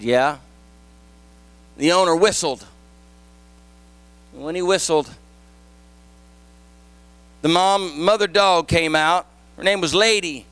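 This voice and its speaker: A male pastor delivers a sermon, moving from a gentle story into emphatic, shouted preaching. His voice sits very high for a man and sounds bright and sharp. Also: clean tone, no echo.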